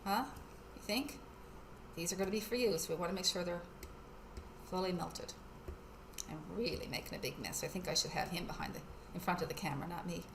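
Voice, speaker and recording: A woman's voice: on the low side, a little fast, long pauses, roomy sound, a little hiss or hum. A middle-aged woman hosting a casual cooking demo at home, chatty and laughing often as she talks to her husband behind the camera. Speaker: wellness channel host. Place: home kitchen.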